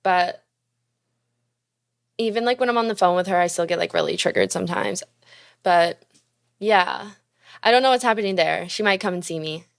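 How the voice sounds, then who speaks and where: A young woman hosting a podcast, telling a candid, profane story about a relationship at a fast clip, laughing often. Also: fairly low pitch, gravelly. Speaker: podcast host.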